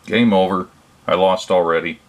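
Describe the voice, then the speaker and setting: An older man hosting a hobby electronics channel, narrating a demo in a relaxed, plain-spoken way with hesitant pauses. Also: low-pitched, a little hiss or hum.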